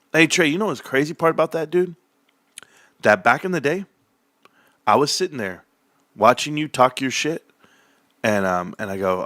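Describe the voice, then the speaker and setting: A man's voice: a little high, sharp tone, no echo, clean studio sound. A man ranting in a casual, sarcastic and profane commentary as a stock market commentator.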